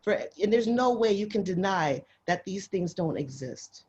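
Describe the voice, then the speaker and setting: A woman's voice: mid-range voice, expressive, moderate pace, dull audio, background noise. A woman speaking with passion on a webinar panel, often repeating herself. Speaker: nurse panelist. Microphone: video call.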